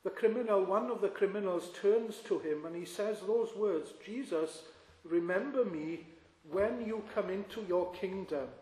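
A man preaching a sermon in an earnest, measured way, pausing with fillers. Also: high voice, warm tone. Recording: echoey hall.

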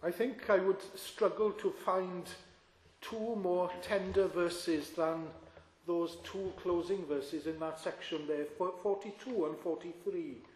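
A man preaching a sermon in an earnest, measured way, pausing with fillers. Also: high voice, fairly even intonation, darkish tone, a little hiss or hum. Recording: echoey hall.

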